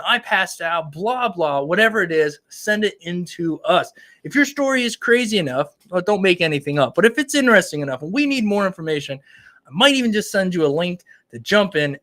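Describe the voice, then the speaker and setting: A man's voice: sits high, a bit bright. Upbeat rambling man hosting a live stream. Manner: rambling and upbeat, addresses viewers directly. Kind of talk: casual live-stream chat.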